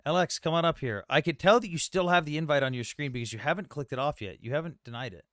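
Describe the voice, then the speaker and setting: A man's voice: on the high side, fast talker, fairly bright tone, no room sound, clean studio sound. A man hosting a livestream debate in casual chat, blunt and jokey, swearing freely.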